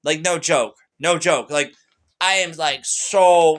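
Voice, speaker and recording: A man's voice: a little high, slow, a bit bright. A young man talking to camera in a rambling, agitated monologue, full of restarts and fillers. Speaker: vlogger.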